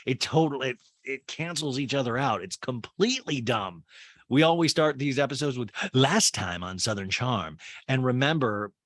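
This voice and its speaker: A man's voice: medium pitch, dry recording. Chatty, sarcastic male podcast host. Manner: chatty, sarcastic, rambling asides. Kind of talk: casual recap commentary.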